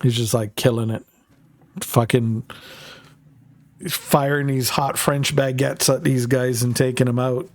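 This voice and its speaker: A man's voice: medium pitch, flat delivery, a little slow, long pauses. A man streaming a tank game, talking casually in a rambling way, full of fillers, and swearing now and then. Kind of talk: casual live gaming commentary.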